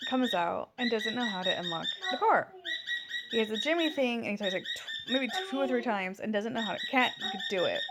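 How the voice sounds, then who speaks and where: A woman's voice: medium pitch, very noisy. A woman in her thirties telling a long everyday story in a casual vlog at home, rambling with many fillers and restarts. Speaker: vlogger.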